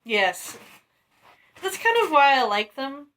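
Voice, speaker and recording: A woman chatting casually, answering with quick, amused remarks. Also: high-pitched, very animated, a bit bright. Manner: quick reactive interjections, amused. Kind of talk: casual chat.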